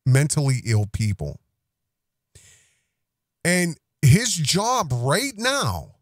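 A man's voice: on the high side, no echo, studio quality. A man hosting a podcast, delivering accusatory commentary in an emphatic way, repeating himself and restarting phrases. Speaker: podcast host.

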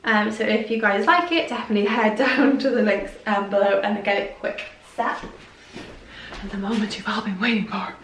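A woman's voice: mid-range voice, moderate pace, fairly bright tone, recorded from a distance, slight background noise. A young woman chatting casually through a clothing haul, gushing and full of "like", a little out of breath. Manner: gushing, chatty, lots of "like" and "I love". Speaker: fashion vlogger. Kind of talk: casual try-on haul chat. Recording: echoey room, voice from off-mic.

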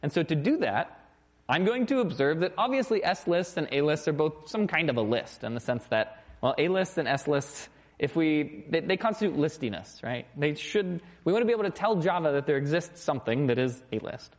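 A man giving an informal recorded programming lecture. He is lively and often checks in with "okay?" and "right?". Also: on the high side, brisk. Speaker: university lecturer.

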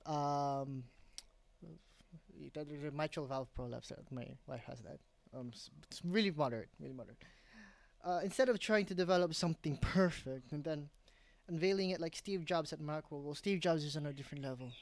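A man's voice: a little high, no room sound. A young man vlogging at his home desk setup, rambling casually with frequent restarts and self-corrections.

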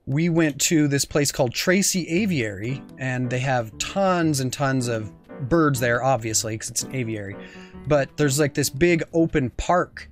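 A young adult gaming host giving giggly, playful let's play commentary and often talking as the goose. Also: mid-range voice.

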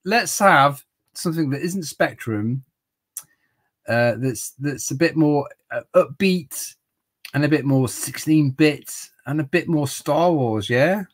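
Slow-talking, slightly tipsy man. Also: on the high side. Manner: rambling, chatty, greets viewers by name. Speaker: livestream host. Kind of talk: casual livestream chat.

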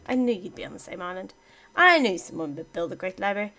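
This young woman, a let's-play gamer, chats casually through her strategy game and addresses her units as she goes. Her medium-pitched voice swings widely, coming out fast, pushed, and bright.

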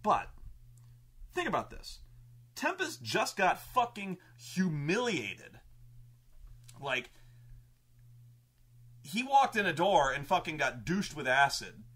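Animated man telling a game story. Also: a little high, slow, pauses often, breathy edge. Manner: animated, profane, acts out characters. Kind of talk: casual storytelling.

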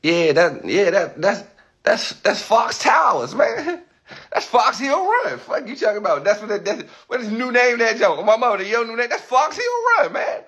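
Man, Washington DC accent, high voice, boastful profane livestream rant, handheld phone camera. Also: big pitch swings, moderate pace, fairly bright tone. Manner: boastful, swearing, laughing often.

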